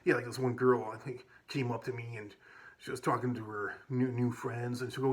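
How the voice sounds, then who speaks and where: A man spins loose, rambling stories from his school years, often starting over mid-sentence. He swears freely. His voice sits at an ordinary middle pitch. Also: flat delivery, brisk. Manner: rambling, with many restarts and casual swearing. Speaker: vlogger. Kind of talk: casual storytelling.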